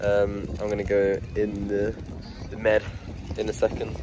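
Young male travel vlogger, breathless and excitable, swears freely, phone mic with clear wind and outdoor noise. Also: fairly low pitch, measured pace. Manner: excitable, swears often, talks to camera. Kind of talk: casual vlog while running outdoors. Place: outdoors on rocky coast and beach. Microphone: phone held while moving.

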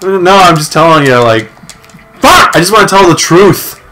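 A man's voice: high voice, animated, moderate pace, over music. Young man telling a rambling story. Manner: rambling storyteller, swears freely, many restarts. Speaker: podcast co-host. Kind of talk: casual chat.

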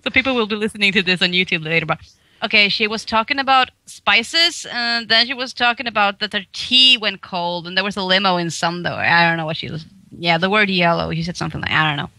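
Speaking fairly quickly at a medium pitch, a woman from Sweden chats as a guest in a relaxed interview, with no echo on the recording. She works as a voice actress and comes across as animated and giggly, with frequent laughter.

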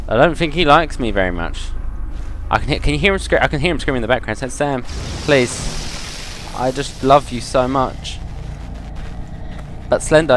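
A man's voice: mid-range voice, a bit bright, slight background noise. A young man commenting on a horror game he is playing. He jokes, swears and yelps when he gets scared. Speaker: gamer. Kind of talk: let's play commentary.

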